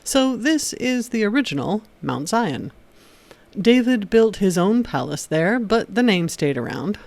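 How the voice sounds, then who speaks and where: A woman hosting an educational video, reading a scripted narration in a steady explanatory way with occasional wry asides. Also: medium pitch, unhurried, vocal fry, no echo. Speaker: video essay host.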